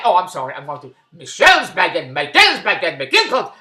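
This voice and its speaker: Rambling man, bright animated voice. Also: sits high, moderate pace, few pauses, echoey room. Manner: repetitive, tangential, with loud self-promoting plugs. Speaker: vlogger and online business owner. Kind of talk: rambling casual vlog. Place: shopping mall.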